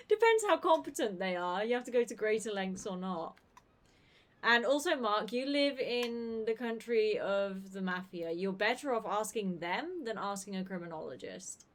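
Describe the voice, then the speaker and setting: A woman with a neutral British accent chatting casually with her stream while she plays, rambling with many fillers and laughing easily. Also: fairly high pitch. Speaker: game streamer. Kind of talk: casual chat while gaming.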